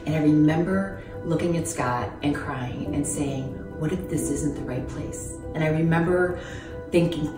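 Low-voiced woman, roomy and distant. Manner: earnest, halting, many ums. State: close to tears. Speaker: interviewee. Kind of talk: emotional personal testimony. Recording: roomy distant mic with music.

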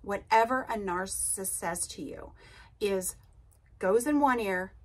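Husky-voiced woman coaching with emphasis. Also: medium pitch, a little slow. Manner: emphatic and chatty, with frequent "okay?" and "right?" check-ins. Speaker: podcast host and narcissistic abuse recovery coach. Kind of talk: casual advice talk to listeners.

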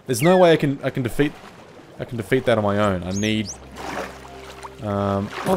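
With game music and splashing water in the background, a male gaming host panics and curses his way through a let's play. His voice sits lowish, moving at a normal speed with long pauses, and his manner is excitable.

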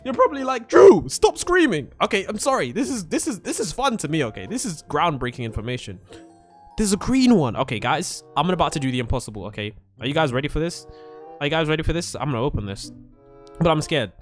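A young man narrating a Minecraft let's play, excitable, yelping and screaming when startled. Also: fairly high pitch, quick pace, soft background music. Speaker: gaming channel host.

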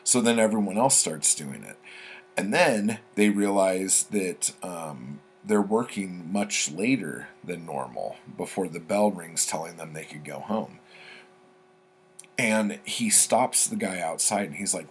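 A man's voice: low-pitched, lively intonation, measured pace, slight background noise. A man casually retelling a horror story for his book vlog, rambling with lots of fillers and the odd swear word. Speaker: book vlogger. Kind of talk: casual spoken book summary.

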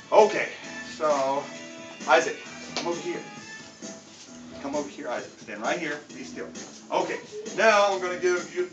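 Lively playful karate coach, echoey. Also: male voice, on the high side. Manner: playful, encouraging coach, talks simply to kids. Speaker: martial arts instructor. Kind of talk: instructing children at a belt test. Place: martial arts studio. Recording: echoey room from far away with music.

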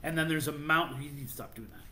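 Bright, animated male podcast host. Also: on the high side, very fast, slight background noise. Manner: animated storyteller, playful and teasing. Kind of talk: casual chat, telling legends.

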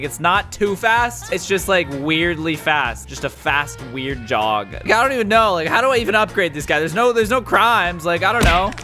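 A young man with a high, bouncy voice that swings all over as he narrates his gameplay. He gets excited fast and bursts into shouts and laughter. Music plays under his voice. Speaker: gaming YouTuber. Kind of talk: energetic gameplay commentary.

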